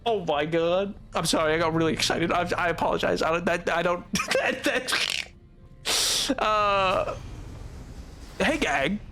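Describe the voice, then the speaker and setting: A young man streaming a game live, rambling and excitable, laughing often. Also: sits high, takes it slowly, faint music behind.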